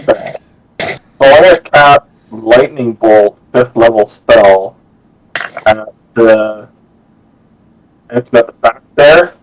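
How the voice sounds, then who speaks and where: Man, player over video call, deliberate rules talk, mid pitch. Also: slight background noise, rough recording. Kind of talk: casual tabletop game play.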